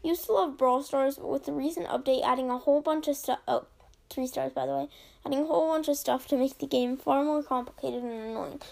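A woman's voice: sits high, brisk, vocal fry, darkish tone. A young woman hosting a casual podcast, reading reviews aloud with sarcastic, chatty asides. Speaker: podcast host.

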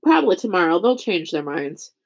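A woman's voice: on the low side, very animated, a little fast. A woman reading a pompous, learned, stubborn old man in a storybook.

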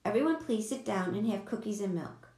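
A woman reading aloud, voicing a calm, reasonable mother. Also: mid-range voice, fairly quick, close to an everyday voice. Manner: reasonable, polite. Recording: echoey room.

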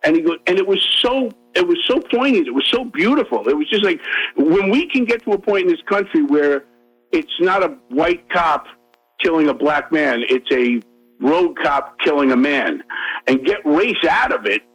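A man's voice: on the high side, expressive, a bit bright, breathy edge, low-quality recording. A man arguing his points on a radio talk show, emphatic and repetitive, over a faint music bed. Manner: emphatic, fast-talking, repeats himself. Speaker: guest.

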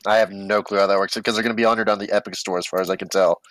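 A man's voice: lowish voice, fairly even intonation, rapid-fire, fairly bright tone, dry recording. A man co-hosting a casual gaming podcast, blunt, answering in short remarks. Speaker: podcast co-host.

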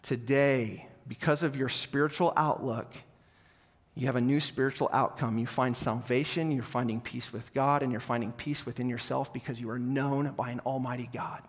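A man voicing a calm man of God who speaks a blessing gently, in a low and measured way. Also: lightly acted. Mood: tender. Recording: long hall reverb.

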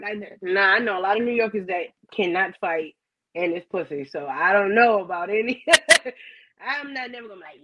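A man's voice: high voice, normal speed. Laid-back man from New York, muffled. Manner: laid-back, profane, laughs often. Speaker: podcast guest and fellow podcaster. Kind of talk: casual podcast chat.

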